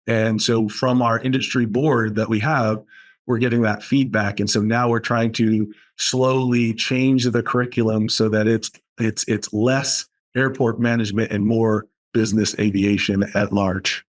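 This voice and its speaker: A man from Boston, guest on a podcast interview, talking about his college aviation program with enthusiastic, animated storytelling. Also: lowish voice, measured pace.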